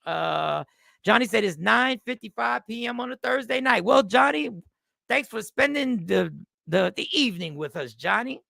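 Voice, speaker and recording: A man's voice: very high voice, animated, normal speed, creaky, sharp tone, no room sound, studio quality. A man hosting a casual livestream, talking animatedly to viewers and greeting them by name, repeating himself often. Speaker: livestream host.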